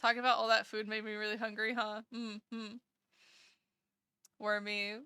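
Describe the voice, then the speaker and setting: A woman's voice: medium pitch, level tone, moderate pace, bright, forceful tone, clear, resonant tone, no room sound, studio quality. A woman VTuber chatting casually with her live-stream chat, sleepy and rambling as she greets viewers.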